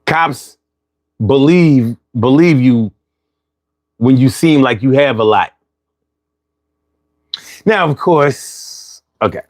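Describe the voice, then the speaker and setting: A man's voice: medium pitch, animated, slow, long pauses, a little mellow. A man hosting a casual livestream, chatting loosely, reading chat and repeating his phrases.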